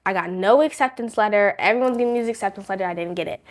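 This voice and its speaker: A woman's voice: medium pitch, racing. A young woman as a podcast guest, telling a story with lots of "like" and fillers in casual chat. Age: young adult. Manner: animated storytelling with many fillers.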